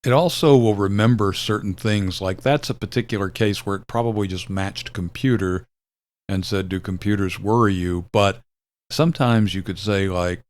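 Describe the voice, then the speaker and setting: Older guy w a lowish voice, chill rambly explainer demoing old software, lots of uhs. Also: normal speed. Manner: relaxed, rambling, with fillers and self-corrections. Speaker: video host demonstrating retro software. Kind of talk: casual explanatory demo.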